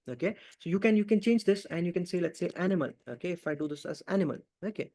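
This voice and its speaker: A man's voice: fairly high pitch, fast, few pauses, a little mellow. A man teaching a live online programming class, answering his own questions and tagging nearly every line with "right?" and "okay?". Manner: repeats key phrases, frequent fillers. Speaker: programming instructor. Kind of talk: live online coding lesson.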